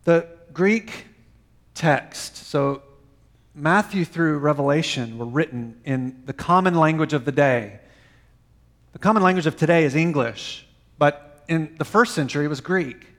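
A man preaching a sermon, swinging from emphatic lines to soft, quiet phrases. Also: on the high side, a little slow. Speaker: pastor.

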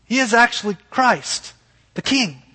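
A man preaching with a high, bright, slightly husky voice, earnest and emphatic. His sermon rings out in a large hall with a long reverb trailing each phrase. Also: lively intonation, unhurried. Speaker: pastor.

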